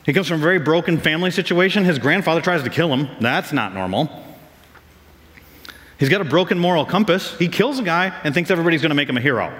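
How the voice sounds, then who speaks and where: Lively pastor preaching in a reverberant hall. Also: male voice, quick pace. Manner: animated, acts out quotes in higher voices. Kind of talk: sermon.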